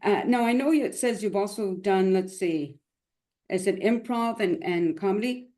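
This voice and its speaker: A woman's voice: mid-range voice, moderate pace, mellow. A woman raised in Montreal, interviewing an actor in a casual, easygoing way, trailing off with fillers.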